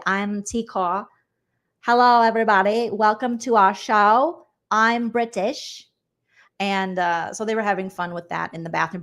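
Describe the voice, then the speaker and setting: A woman hosting a casual livestream recap, chatty and rambling, often acting out quotes. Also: medium pitch. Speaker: host.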